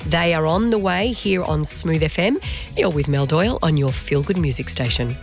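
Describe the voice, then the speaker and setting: A woman radio host with a croaky voice from a head cold, chatting in a confiding, casual way between songs. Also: low voice, expressive, moderate pace, faint music behind. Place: radio studio.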